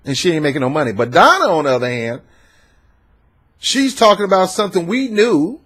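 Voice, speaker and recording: A man's voice: fairly high pitch, sing-song, fairly quick, fairly bright tone. A man from the American South, giving an emphatic, repetitive political rant and talking back at the people he discusses. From Southern United States. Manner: emphatic, repetitive, talks back at his subjects. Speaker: political commentator. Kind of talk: ranting political commentary.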